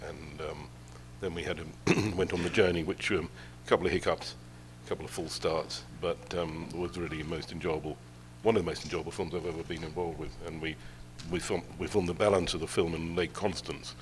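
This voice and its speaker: An older male film producer at a festival panel, speaking in a halting, measured way with many fillers. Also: low voice, fairly even intonation, slight background noise. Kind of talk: panel discussion answers.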